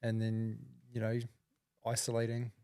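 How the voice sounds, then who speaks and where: Man in his 40s, mid-pitched voice, supportive interviewer, dry studio sound. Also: completely flat delivery, measured pace, clear, resonant tone, no echo. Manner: supportive, gentle follow-up questions. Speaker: podcast host. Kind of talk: casual interview chat.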